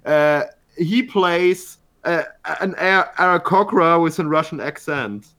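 A man's voice: a little high, slow pace, pushed and bright. A man in casual group chat, laid-back and laughing easily.

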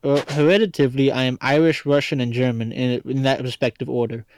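A man's voice: mid-range voice, steady tone, fast talker, darkish tone, slight background noise. A man from Kentucky, a podcast guest in casual chat, talking in a rambling, hesitant and playful way with an accent people find hard to place. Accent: hard-to-place, not regional Kentucky. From Lexington, Kentucky, US.

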